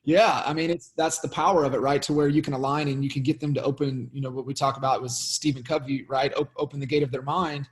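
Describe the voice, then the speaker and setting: A man's voice: medium pitch, steady tone, quick pace, hardly any pauses. A man hosting an interview show for coaching, chatting casually with his guest and agreeing and chuckling easily.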